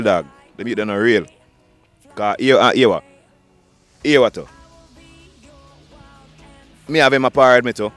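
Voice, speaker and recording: A man with a Jamaican accent, a dancehall artist talking fast in animated patois in an interview. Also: medium pitch. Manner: fast animated patois, frequent "dog" and "you understand".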